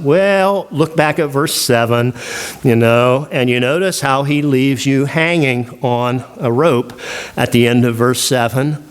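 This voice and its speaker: A man giving a seminary lecture on the Bible, animated and full of rhetorical questions. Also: mid-range voice, measured pace, clean tone. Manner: animated, asks rhetorical questions, acts out quoted voices.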